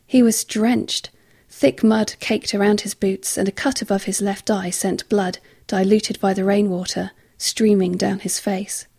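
A woman narrating an audiobook with a measured, quietly tense delivery. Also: mid-range voice, fairly even intonation, vocal fry, breathy edge.

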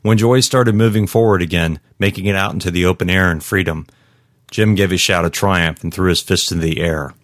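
A man narrating a story in a very deep voice, steady and measured. The recording is dry, with no room sound. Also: no room sound. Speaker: audiobook narrator. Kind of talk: scripted narration.

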